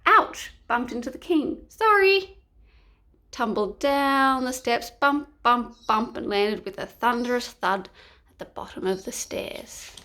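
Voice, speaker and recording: A woman's voice: a little high, fairly even intonation, unhurried, a bit bright. A woman reading a picture book aloud to children, playful and sometimes dropping to a whisper. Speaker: storyteller.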